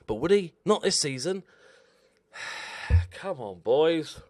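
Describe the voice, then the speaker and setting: A man commentating over his own football management game, excitable and swearing at his players. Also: on the high side, slow pace, no room sound. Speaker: gaming YouTuber. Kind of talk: Let's Play commentary.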